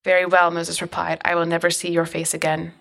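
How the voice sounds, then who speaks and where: Low-voiced woman reading scripture aloud. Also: monotone, fairly quick, vocal fry, fairly bright tone. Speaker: podcast co-host and scripture reader. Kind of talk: casual chat, then plain scripture reading.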